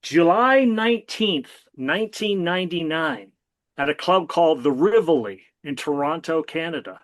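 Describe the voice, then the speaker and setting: A man co-hosting a music podcast, telling animated stories in a casual, enthusiastic way. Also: on the high side, normal speed. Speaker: podcast co-host. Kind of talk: casual music chat and storytelling.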